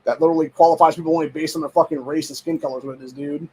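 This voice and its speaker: A man's voice: fairly high pitch, steady tone, racing, darkish tone, a little hiss or hum, low-quality recording. A man hosting a show, ranting angrily in heated, profane, rambling commentary full of fillers. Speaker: show host. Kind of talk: angry political commentary rant.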